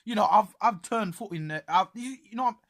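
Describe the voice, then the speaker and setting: A man's voice: high-pitched, fairly quick, fairly bright tone. A man co-hosting a casual football podcast, swearing freely and saying "mate" at every turn. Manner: laddish, swears a lot, says "mate" constantly. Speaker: podcast co-host.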